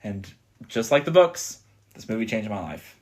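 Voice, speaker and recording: A man's voice: on the low side, sing-song, moderate pace, darkish tone. A man co-hosting a casual movie podcast, earnest and enthusiastic, often restarting his sentences. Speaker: podcast co-host.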